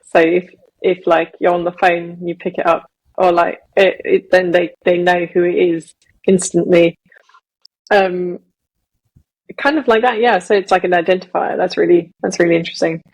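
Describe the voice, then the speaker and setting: A woman's voice: on the low side, steady tone, normal speed, low-quality recording. A woman from Malaysia, co-hosting a podcast in casual chat, explaining things at length in a chatty way. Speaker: podcast co-host.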